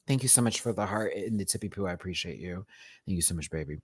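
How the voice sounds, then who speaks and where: A man's voice: low-pitched, quick pace, husky, no echo, clean studio sound. A young man hosting a casual livestream, reading out viewer messages with affectionate pet names and laughing often. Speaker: drag race review host.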